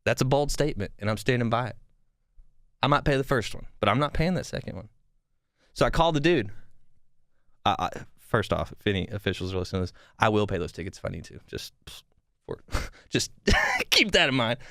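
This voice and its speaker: A young podcast host tells a long, rambling story casually, growing louder and more worked up, swearing freely and restarting sentences. His ordinary mid-pitched voice is sing-song and a little fast, with vocal fry and long pauses. The sound is dry and close, with no room echo.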